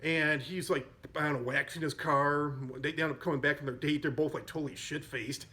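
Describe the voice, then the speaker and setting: The host's voice runs on the high side, steady but a little fast, with a pushed, bright quality. On his podcast he loosely retells a comedy film, peppering it with fillers and frequent self-corrections.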